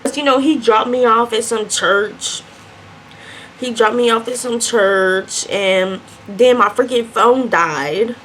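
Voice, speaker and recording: A woman's voice: fairly high pitch, slow, a little hiss or hum. Chatty young woman telling a storytime. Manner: animated, chatty storytelling while eating. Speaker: vlogger. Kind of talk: mukbang storytime.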